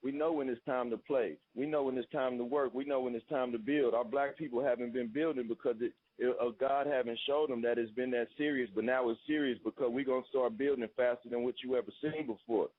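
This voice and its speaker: A man's voice: mid-range voice, steady tone, fairly quick, few pauses, husky, dry recording. Angry caller guy pushing back, dry phone line sound, stumbles on words. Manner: insistent, defiant, stumbling repeats. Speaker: radio caller. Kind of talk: heated argument on a call-in show.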